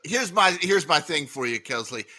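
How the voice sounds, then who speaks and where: A man hosting an interview, encouraging his guest with quick affirmations. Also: a little high, animated, crowd noise. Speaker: host.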